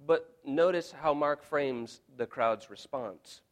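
A man's voice: on the high side, slow, few pauses. A man preaching an expository sermon in an earnest, emphatic way, often repeating words as he restarts. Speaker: pastor.

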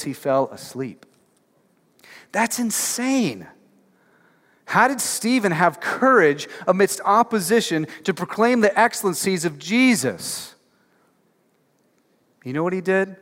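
A man preaches a casual, conversational sermon as pastor, throwing emphatic rhetorical questions to the congregation among many filler words. His voice is on the high side with a fairly bright tone. Long hall reverb marks the church sanctuary recording.

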